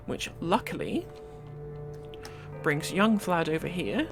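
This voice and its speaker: A man hosting a let's play who comments on the game and reads its dialogue aloud at a brisk clip. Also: fairly high pitch, fairly bright tone, faint music behind.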